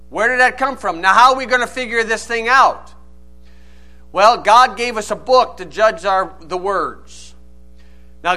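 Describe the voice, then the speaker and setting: Bright, high-voiced preacher. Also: male voice. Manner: reads scripture in King James style, then explains plainly and emphatically. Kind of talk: sermon.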